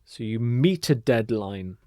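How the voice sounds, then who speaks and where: A man teaching an English vocabulary lesson, speaking slowly and repeating words with careful, emphatic pronunciation. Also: medium pitch, lively intonation, dark tone, no echo, studio quality.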